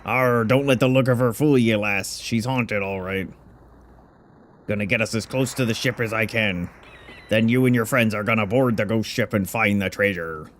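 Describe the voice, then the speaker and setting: A man voicing a gruff old male pirate sea captain with a growling pirate brogue, reading game dialogue aloud in character. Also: medium pitch, fairly even intonation, slow pace, sharp tone, slight background noise. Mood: reassuring.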